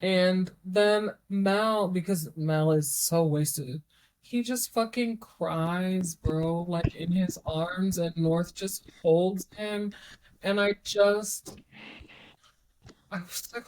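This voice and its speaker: A young woman with a slightly low voice, chatting on a podcast about a book she loved. She talks in an excitable, gushing way and swears freely. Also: drawn-out words, rough recording. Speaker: podcast co-host. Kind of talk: casual chat about a book.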